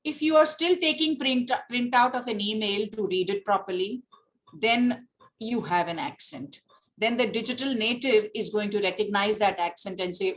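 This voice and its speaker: A woman's voice: medium pitch, normal speed, rough recording. A middle-aged woman with an Indian accent, a professor giving an online lecture over a video call, asking her listeners a run of rhetorical questions. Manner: rhetorical questions, switches into Hindi for quoted students. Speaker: professor giving a faculty talk.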